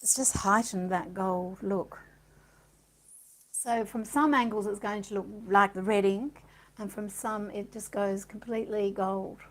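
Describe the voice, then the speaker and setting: A woman's voice: mid-range voice, fairly even intonation, a little slow, poor audio. A woman giving a casual art demonstration, chatting and thinking aloud as she works, with delighted little gasps. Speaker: art supplies presenter.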